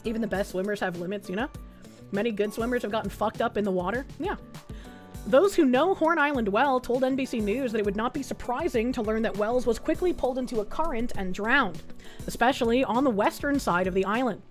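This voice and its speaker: A young adult woman streams with loose, casual reaction commentary, swearing freely and reading chat messages aloud. Her fairly high voice is brisk, with faint music in the background.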